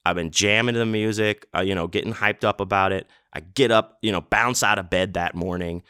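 A man's voice: lowish voice, brisk, pushed and bright, clear, resonant tone, no room sound, studio quality. A man hosting his podcast, telling a rambling story casually with lots of fillers and swearing. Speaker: podcast host. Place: home setup in a city apartment.

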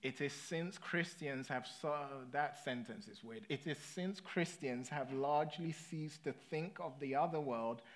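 A man's voice: a little high, measured pace, few pauses. A British man preaching a sermon in a conversational way, often checking in with his listeners. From Britain. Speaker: pastor.

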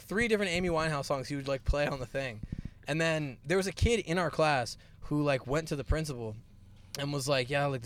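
Fast-talking young man telling stories. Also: a little high, bright, forceful tone. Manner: storytelling, profane, laughs often. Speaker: podcast co-host. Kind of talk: casual comedic chat. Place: inside a car.

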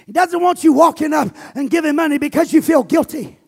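A man preaching a fiery sermon as pastor in a church auditorium, shouting and slipping into a sing-song cadence. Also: very high voice, fairly quick, gravelly, hardly any pauses.

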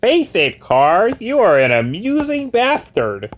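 A hapless, jittery playboy with a reedy, strained voice that sits far above its natural register, as a man puts it on. He sounds uncertain and comically uncool, with lively ups and downs in his pitch. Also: slow pace, full character voice. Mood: wry. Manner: high and strained. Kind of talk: comedic dramatic reading.

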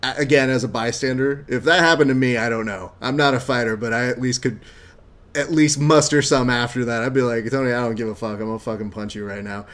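A man hosting a casual podcast interview, easygoing and quick to laugh. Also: medium pitch, fairly bright tone. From married man. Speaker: podcast host.

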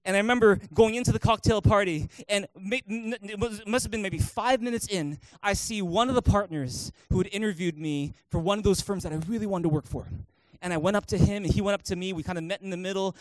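A male pastor preaching in a church, telling a personal story in an animated way with many restarts. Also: high-pitched, fast, few pauses, dry recording. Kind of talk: sermon storytelling.

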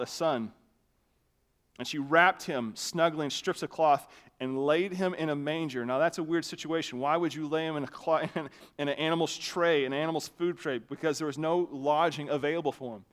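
Animated man preaching a sermon. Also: fairly high pitch. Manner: conversational, animated storytelling with asides and laughs. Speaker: pastor.

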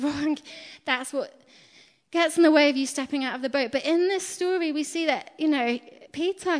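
A high-pitched woman preaches in a lively, conversational way, telling stories and laughing at her own slips. Her voice carries a long reverb from the hall around her. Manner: chatty and animated, laughs at herself. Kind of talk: storytelling sermon. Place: church hall.

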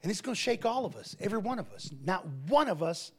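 A middle-aged man preaching a sermon as pastor, animated, acting out conversations from his stories. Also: high voice, quick pace, breathy edge.

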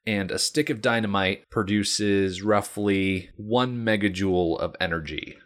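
Low-voiced man co-hosting a podcast. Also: unhurried. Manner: dry, jokey, explains researched facts. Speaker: podcast co-host. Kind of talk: casual movie recap chat.

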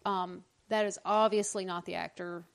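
A woman's voice: on the low side, fairly even intonation, normal speed, gravelly. A woman in casual conversation, giving blunt, opinionated commentary on a TV show. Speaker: podcast co-host. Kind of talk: casual chat.

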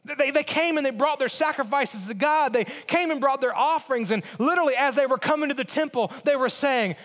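A man with a notably high voice preaches to his congregation, leaning on repetition and earnest emphasis. His words ring out with the long reverb of a large church hall. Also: fairly quick, hardly any pauses, fairly bright tone. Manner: earnest, repetitive emphasis, mimics others in asides. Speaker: pastor. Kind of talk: sermon.

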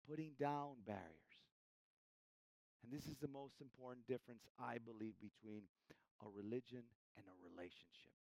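A man, preaching a sermon and calling his listeners "church", swinging between loud emphasis and hushed, soft lines. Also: fairly high pitch, dry recording, low-quality recording. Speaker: pastor.

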